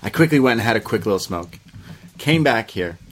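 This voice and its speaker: A young man in casual podcast chat, reviewing wrestling with a joking, animated delivery. He retells scenes by acting out what people said. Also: fairly low pitch, a little fast, slight background noise. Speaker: podcast co-host.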